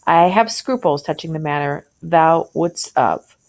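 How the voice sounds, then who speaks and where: An uneasy young Puritan man speaks in a low, gravelly voice, as a woman reads his part aloud. His phrasing is old-fashioned and reluctant, as in a storybook. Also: unhurried, a little mellow, rough recording. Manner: archaic, reluctant reading.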